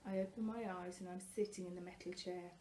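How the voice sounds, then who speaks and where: A woman reading a first-person novel aloud, expressive and growing louder at tense moments, with the odd slip and self-correction. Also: fairly low pitch, a little fast, a little hiss or hum, rough recording. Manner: occasional slips and self-corrections. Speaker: reader.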